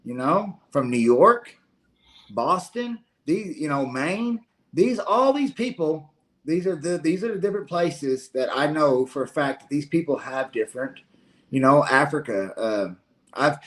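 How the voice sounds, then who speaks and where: Man, Kentucky southern accent, slightly high voice, rambling, indignant, casual stream chat. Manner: rambling, indignant, lots of restarts. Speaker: stream co-host. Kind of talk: casual late-night chat.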